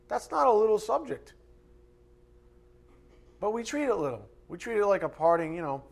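A man preaches a sermon with a voice pitched a little above the usual for men. He teaches from a board and keeps the talk animated, slipping into playful put-on voices for his asides. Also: normal speed, creaky, pauses often, breathy edge. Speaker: pastor. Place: church or teaching room with a board.

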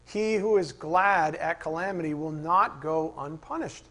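A man teaching a Bible study class. He asks the class questions, reads verses slowly and repeats the key lines. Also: a little high, bright, forceful tone. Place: classroom with a board.

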